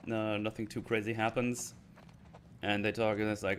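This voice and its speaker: Against slight background noise, a YouTube show reviewer with a low-ish voice speaks fairly quickly, ranting casually about a TV episode. He rambles, hesitates, restarts often and quotes scenes animatedly.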